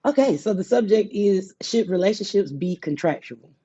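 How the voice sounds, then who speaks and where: A woman's voice: mid-range voice, expressive, normal speed, warm tone, breathy edge. A woman co-hosting a casual chat, speaking candidly, laughing often and stammering into her points. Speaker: co-host. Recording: dull lo-fi audio.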